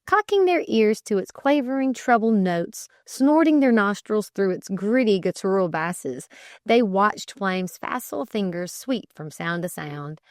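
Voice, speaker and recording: A woman narrating an old-fashioned story as an audiobook, in an expressive, theatrical manner. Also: medium pitch, unhurried, no echo, clean studio sound.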